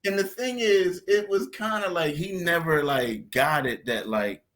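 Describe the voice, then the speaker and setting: A man's voice: fairly high pitch, a little slow. A man co-hosting a sports podcast, telling a story with lots of laughs and acting out other people's voices. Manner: animated storyteller, acts out voices and laughs often. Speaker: podcast co-host. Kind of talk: casual sports chat.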